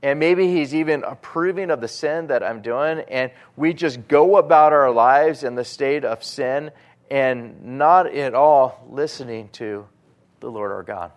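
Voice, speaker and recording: A man preaching a sermon, animated, moving between loud emphatic lines and quiet asides. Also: mid-range voice, a little slow.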